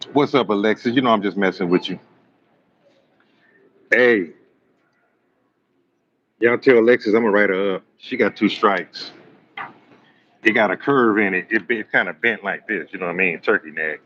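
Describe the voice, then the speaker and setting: A man hosts a casual live stream, teasing his viewers and wandering from one story to the next. His voice is bright and forceful. The audio is slightly dull and lo-fi, with faint room noise underneath. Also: lowish voice. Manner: joking, teasing, rambling storyteller. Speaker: live-stream astrology host.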